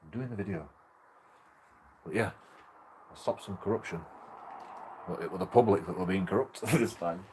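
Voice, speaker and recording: A man's voice: deep voice, normal speed, long pauses, a little mellow, slight background noise. A young man rambling casually to his camera, laughing through his words. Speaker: auditor vlogger.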